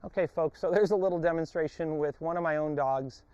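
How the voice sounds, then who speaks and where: An American man working as a dog trainer, explaining a training session and giving sharp commands to his dog, recorded on a lapel mic. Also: a little high, brisk, clean tone, no room sound, highs cut off. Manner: barks short loud commands to a dog between calm explanations. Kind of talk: training demonstration with commentary. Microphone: wired lapel mic.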